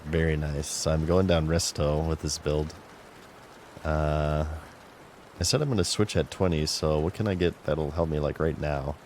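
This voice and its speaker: Streaming a game, this man offers casual commentary in a very deep voice at normal speed, with a little hiss or hum in the background. He's relaxed and chatty, muttering to himself as he plays.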